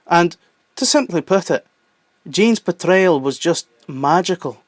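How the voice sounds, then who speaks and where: A young man with a Southern English accent hosting a countdown video, with playful, excitable asides. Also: high voice, unhurried, no echo, studio quality. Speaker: YouTube host. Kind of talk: enthusiastic list-video narration.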